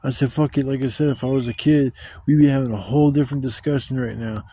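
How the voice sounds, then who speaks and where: A man's voice: medium pitch, fast, husky. Rambling, cussing man camping at night. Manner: profane, rambling, animated when retelling stories. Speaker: camping vlogger. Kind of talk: casual rambling storytelling. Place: campsite in the woods, outdoors.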